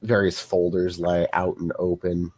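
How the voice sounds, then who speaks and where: A man narrates a tabletop game as game master, setting scenes in a measured, descriptive way. His voice sits low. The recording is dry and close. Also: little pitch movement, darkish tone, no room sound.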